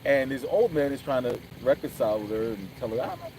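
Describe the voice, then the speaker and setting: A man's voice: mid-range voice, fast talker, a little mellow, slight background noise, poor audio. A man chatting casually outdoors, animatedly telling a story and acting out quotes with lots of swearing. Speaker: vlogger. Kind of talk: casual chat while riding. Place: outdoors on city streets.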